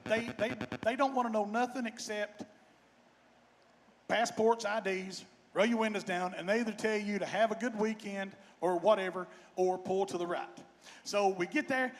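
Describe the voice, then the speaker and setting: A man's voice: high-pitched, normal speed. A man, a bandleader giving folksy, joking stage banter and storytelling. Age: 50s. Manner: folksy, joking, warm-hearted. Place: outdoor festival stage. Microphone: stage microphone. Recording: long reverb of a stage sound system.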